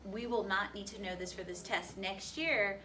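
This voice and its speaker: Bright woman teaching a history class. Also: mid-range voice, fairly even intonation. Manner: quizzes students with rapid questions. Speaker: high school history teacher. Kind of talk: classroom lecture with questions. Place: school classroom. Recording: distant classroom recording, faint noise.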